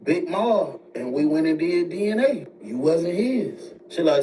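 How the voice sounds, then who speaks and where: A man telling a story in a casual way, jumping high in pitch when he quotes other people. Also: brisk, few pauses. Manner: animated retelling, jumps high when quoting others. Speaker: storyteller in played video. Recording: distant mic with faint noise.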